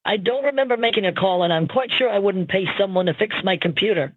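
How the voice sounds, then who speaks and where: An AI voice plays a bewildered woman in her eighties who keeps asking what is going on. She stays polite but holds her ground. Her voice is slightly husky and comes through a tinny, dry phone line. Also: medium pitch, fast, no room sound, natural voice. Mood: puzzled. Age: 80s. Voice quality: synthetic AI voice. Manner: polite but firmly questioning. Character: confused elderly woman, insistent and puzzled.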